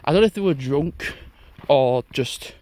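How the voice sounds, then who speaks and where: A man's voice: mid-range voice, expressive, normal speed, darkish tone, a little hiss or hum. A young man, chatting casually and rambling as he walks a moorland path, swearing now and then. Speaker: vlogger. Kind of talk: casual walking vlog. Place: outdoors on a moorland footpath.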